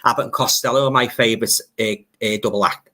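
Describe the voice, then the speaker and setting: Bright-voiced older Scouse man, chatty. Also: medium pitch, steady tone, fast talker. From Liverpool. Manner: chatty, repeats phrases and fillers. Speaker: livestream host. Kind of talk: casual chat reading viewer comments.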